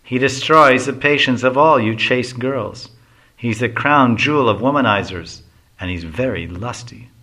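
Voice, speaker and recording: A man's voice: medium pitch, animated, measured pace, bright, forceful tone. A man voicing a boastful, hungry young male Brahmin jester who whines and pleads indignantly.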